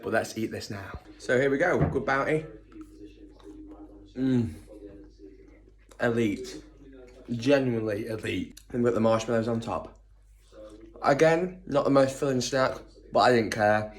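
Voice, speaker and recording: A man's voice: medium pitch, unhurried, long pauses. A young man, chatting enthusiastically in a casual food vlog. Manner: enthusiastic and chatty, lots of exclamations. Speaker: vlogger.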